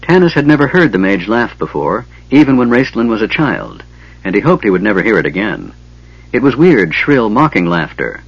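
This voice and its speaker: A man narrating an audiobook in a steady, even reading. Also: on the low side, husky. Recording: dull lo-fi, dry.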